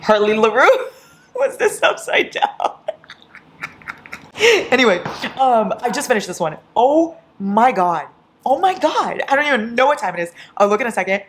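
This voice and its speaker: A woman's voice: fairly high pitch, normal speed, long pauses, slight background noise. Giddy, sleep-deprived woman gushing. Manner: giddy, excitable, laughs often and swears. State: tired from staying up all night. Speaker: book vlogger. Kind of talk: casual reading vlog.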